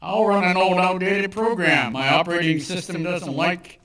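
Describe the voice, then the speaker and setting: A man's voice: high voice, steady tone, normal speed, bright, forceful tone, echoey room, recorded from a distance. A man voicing a stubborn, moody computer that talks back to its owner with sulky defiance. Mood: defiant.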